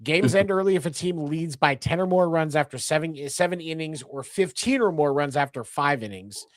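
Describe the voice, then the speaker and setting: A man's voice: on the high side, animated, normal speed, no room sound. A man hosting a casual sports podcast, rambling along with lots of fillers and restarts. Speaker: podcast host.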